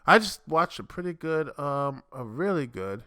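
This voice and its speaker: A man's voice: a little high, very animated, normal speed, sharp tone, dry recording, clean studio sound. A man hosting his own podcast alone, talking casually in an upbeat, rambling way with lots of fillers and restarts. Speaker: podcast host. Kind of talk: casual solo podcast talk.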